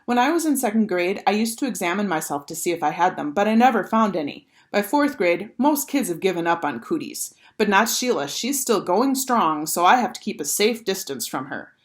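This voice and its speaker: A woman teacher reading a children's chapter book aloud with expressive, animated storytelling. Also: mid-range voice, fairly quick, hardly any pauses.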